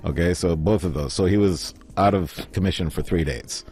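A man telling a travel story in casual chat, acting out the other people's lines in lively voices. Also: low-pitched, normal speed, husky.

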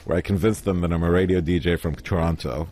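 Deep-voiced man telling a funny story. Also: fast talker. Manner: animated storyteller, acts out quotes, laughs often. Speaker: podcast guest telling a story. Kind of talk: casual anecdote among friends.

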